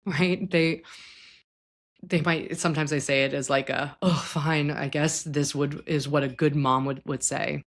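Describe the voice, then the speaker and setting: A low-pitched woman therapist speaks in a gentle, reflective way as she hosts a podcast. She explains a clinical idea to her listeners, now and then slipping into the voices of clients or parents to illustrate it. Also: fairly even intonation, measured pace. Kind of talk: conversational psychology talk.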